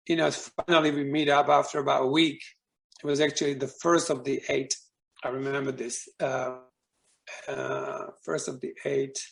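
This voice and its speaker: A man's voice: a little high, creaky, fairly bright tone. A man speaking as a guest, telling a personal story in a casual, rambling way with many fillers and restarts.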